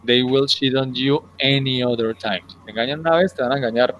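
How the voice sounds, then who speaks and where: A man's voice: mid-range voice, fast talker, fairly bright tone, highs cut off, slight background noise. A man teaching an English class, explaining patiently step by step and checking in with his students often. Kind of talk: online class instruction.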